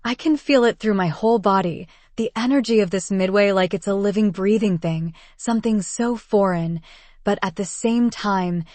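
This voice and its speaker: A woman's voice: mid-range voice, moderate pace, a little mellow, no echo. A woman casually narrating a first-person story in an unpolished reading style.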